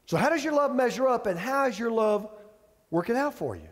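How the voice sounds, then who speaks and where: A man's voice: extremely high pitch, expressive, a little fast, big-room sound. A male pastor preaching a sermon, conversational and emphatic, asking the congregation repeated questions. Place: church sanctuary with audience.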